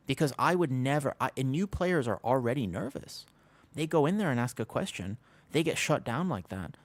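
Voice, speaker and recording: A man chatting casually to his live stream audience, rambling with frequent restarts. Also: mid-range voice.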